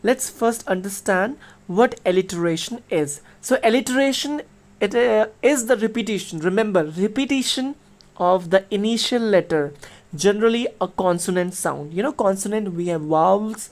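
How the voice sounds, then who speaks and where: Explaining a poem to her class, this middle-aged teacher has a medium-pitched, slightly mellow voice at normal speed. She stays patient throughout, uses plenty of fillers, and spells out words letter by letter.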